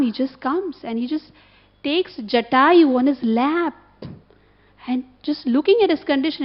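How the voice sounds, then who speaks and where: A woman delivers a storytelling sermon in a high voice. She keeps drawing her listeners in with short tag questions. The recording is dull and lo-fi. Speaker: temple speaker.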